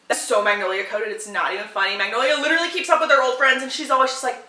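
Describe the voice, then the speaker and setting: A young woman chatting casually and excitedly about books to her followers, quick to laugh and half-sing song lyrics. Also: fairly high pitch, echoey room. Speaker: book content creator. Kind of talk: casual chatty book recommendations.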